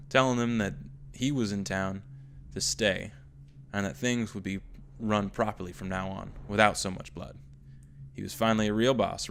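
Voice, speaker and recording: A gravelly, low-voiced slum gang member, as a gamer reads him out tells his boss's story in a slipping Southern drawl. The telling is unhurried and plain, like a read-aloud note. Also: slight background noise. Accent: slipping into a put-on American Southern drawl. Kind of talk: reading an in-game note aloud.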